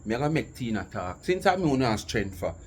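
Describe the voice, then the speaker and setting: A man's voice: mid-range voice, big pitch swings, brisk, slight background noise. A man with a Jamaican accent scolding and mocking someone in casual online commentary. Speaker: commentary channel host.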